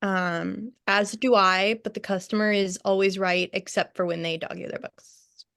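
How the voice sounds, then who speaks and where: Woman bookseller, wry and deadpan, casual panel answer. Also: medium pitch, moderate pace, vocal fry, smooth. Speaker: bookseller guest.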